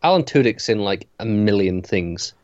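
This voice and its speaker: A man co-hosting a casual movie-ranking chat, talking in a wry, lively way. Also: lowish voice, moderate pace, lo-fi sound. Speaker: podcast co-host ranking movies.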